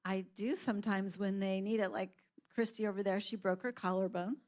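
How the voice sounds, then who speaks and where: A woman's voice: mid-range voice, steady tone, a little fast, a little mellow. A woman who runs a booth at the event, giving short, matter-of-fact answers. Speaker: vendor at the event.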